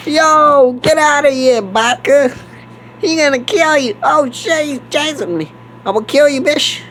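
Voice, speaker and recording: A man playing a character in a game, talking in rowdy, excitable outbursts full of swearing. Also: very high voice, slight background noise. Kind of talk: profane in-character game role-play.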